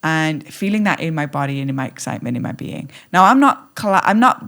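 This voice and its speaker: A woman talking as a podcast guest in an animated, playful way, acting out little scenes as she speaks. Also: deep voice, quick pace, creaky. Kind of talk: conversational interview.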